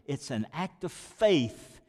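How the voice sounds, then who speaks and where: A man preaching a sermon as pastor, emphatic, repeating words and swinging between loud declarations and quiet asides. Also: a little high, sing-song, slow, long reverb tail.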